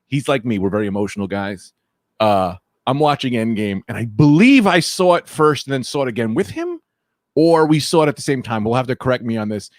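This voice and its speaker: A man hosts a podcast, cursing freely and swinging between excited outbursts and low, muttered asides. His voice sits in a middle register and is recorded dry and close, with no room sound. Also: a little fast, no room sound. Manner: loud, profane and hyped, swinging between shouts and mumbles. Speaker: podcast host. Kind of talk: casual podcast chat.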